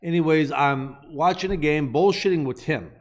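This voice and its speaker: A man's voice: a little high, moderate pace. Profane man rambling through a story. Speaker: podcast co-host. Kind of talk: casual chat.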